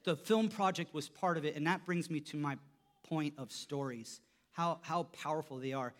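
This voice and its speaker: A man preaching a sermon, telling a story, his voice dropping soft for quotes and rising when he stresses a point. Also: fairly even intonation, normal speed. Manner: storytelling, voice drops low for quoted lines and rises when emphatic. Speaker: pastor.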